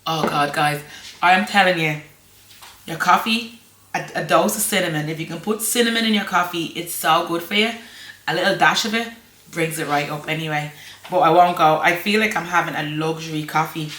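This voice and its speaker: Irish woman, casual vlog chat, low voice, bright tone, rambling, echoey room. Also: moderate pace. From Ireland. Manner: chatty and rambling, laughs often. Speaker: vlogger.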